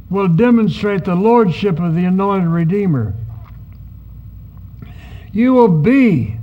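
Measured, high-voiced preaching man. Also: dull audio. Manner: measured, emphatic preaching with quoted asides. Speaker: pastor. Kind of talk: sermon teaching.

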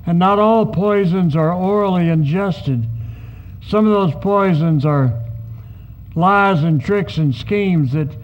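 A male pastor delivers a teaching sermon in a high, unhurried voice. He presses emphatic words and slips into quoted asides. The recording is somewhat dull and lo-fi.

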